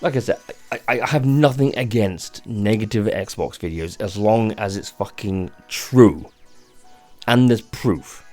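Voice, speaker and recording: A tired man rants off the cuff in a lowish voice, circling back on himself with stammered restarts and frequent swearing. His talk wanders like an unplanned gaming vlog, with faint music in the background. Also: a little mellow. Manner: rambling and halting, many restarts, swearing. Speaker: gaming channel host. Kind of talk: unscripted rant vlog.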